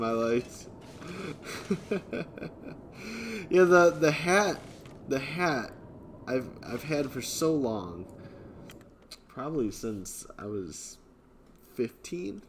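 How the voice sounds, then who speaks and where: A man live-streaming, reading and answering viewer chat in a relaxed way, chuckling often. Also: medium pitch, a little hiss or hum. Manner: laid-back, chuckling often, thanking viewers.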